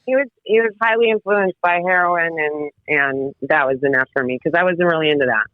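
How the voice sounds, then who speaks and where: Lively woman telling stories on a phone line. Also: low-pitched, fairly quick, no echo. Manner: lively, laughing, swearing freely. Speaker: guest. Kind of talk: casual storytelling. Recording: tinny phone-like line, dry.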